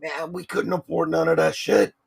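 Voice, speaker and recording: A man's voice: fairly high pitch, little pitch movement, normal speed, gravelly, slightly rough, low-quality recording. A man from Washington D.C. in a casual, profane debate chat, teasing the others, then asking long questions. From Southeast Washington D.C.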